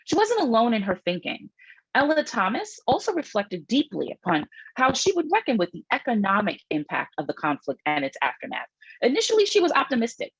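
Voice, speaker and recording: A middle-aged woman author, giving a public book talk, reads passages from her book aloud and breaks off for asides, with frequent fillers and restarts. Her gravelly, slightly rough voice swings hugely in pitch, rising for quoted passages, and she speaks briskly. The muffled recording has no room sound.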